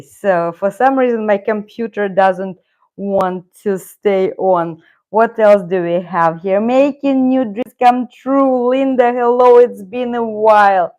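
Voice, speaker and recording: A middle-aged Russian woman, a native speaker, hosts a casual live stream on her channel. Her voice is mid-range and darkish, the audio is dull, and she rambles, corrects herself, and chuckles often.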